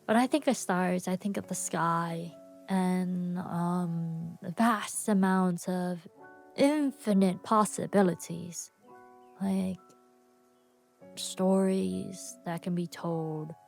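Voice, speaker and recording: A woman's voice: fairly low pitch, slow, gravelly, soft background music. A woman hosting her own podcast, musing in a dreamy, rambling way with many fillers. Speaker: podcast host. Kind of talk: casual solo rambling.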